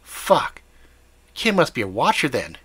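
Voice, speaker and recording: A man voicing a foul-mouthed, excitable male sidekick who swears and panics easily. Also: mid-range voice, measured pace, slightly rough, no room sound, pitched above the performer's own voice, full character voice. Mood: shocked. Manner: excitable, swearing, talks over the speaker.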